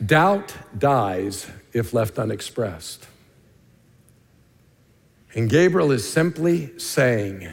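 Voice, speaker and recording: A man preaching a sermon as lead pastor, earnest and emphatic, dropping to a hushed tone for key points. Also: medium pitch, very animated, slow, vocal fry, long pauses. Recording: long reverb of a large hall.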